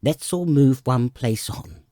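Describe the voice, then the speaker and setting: A man's voice: mid-range voice, slow pace, mellow, no room sound, studio quality, pitched above the performer's own voice, close to an everyday voice. A man voicing a rude, eccentric male hatter in a storybook, with a brash, mocking manner.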